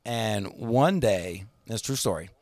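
A man's voice: lowish voice, expressive, a little slow, a little mellow, dry recording, studio quality. A man telling a long anecdote in casual chat, rambling with many fillers and restarts and acting out the people he quotes.

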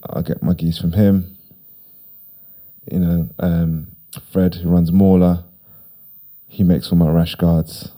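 Rambling deep-voiced man. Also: warm tone. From United Kingdom. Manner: rambling, repeats himself, emphatic. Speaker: podcast guest. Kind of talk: casual conversation.

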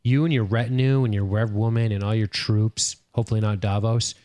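A man's voice: lowish voice, steady tone, fairly quick, warm tone. A man co-hosting a casual podcast, reading listener comments and joking with loose, profane banter. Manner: laid-back, swears casually, chuckles. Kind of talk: casual chat.

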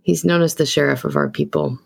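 A woman's voice: sits low, very animated, fairly quick, creaky, slightly rough. A woman player speaking formally in character during a tabletop role-play. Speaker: player voicing a vampire.

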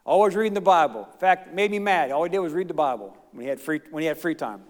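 Middle-aged pastor, folksy and emphatic, fairly high voice, ringing church hall. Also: male voice, animated, fast. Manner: folksy, emphatic preaching with asides to the congregation. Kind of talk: sermon. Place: church sanctuary. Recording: long reverb of a church hall.

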